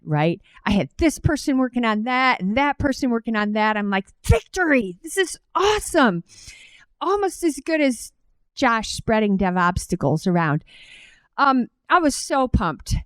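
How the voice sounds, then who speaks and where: A woman's voice: medium pitch, clean tone, no room sound, low-quality recording. A middle-aged woman with a Cleveland accent giving a conference talk, telling a personal story and speaking directly to the audience. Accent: Cleveland, Ohio. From Cleveland, Ohio.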